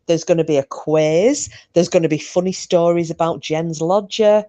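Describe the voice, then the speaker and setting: Woman, middle-aged, livestream host, casual chat, dark mellow voice, low-pitched, laughing, bawdy. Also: steady tone, measured pace, few pauses. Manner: chatty and laughing, bawdy banter. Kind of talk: casual chat with live chat viewers. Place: at home.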